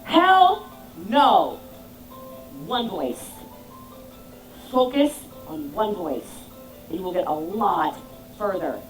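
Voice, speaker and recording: A woman's voice: on the low side, big pitch swings, slow pace, long pauses, faint music behind, rough recording. A woman business coach giving an emphatic motivational talk, firing rhetorical questions at her audience. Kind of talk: motivational speech.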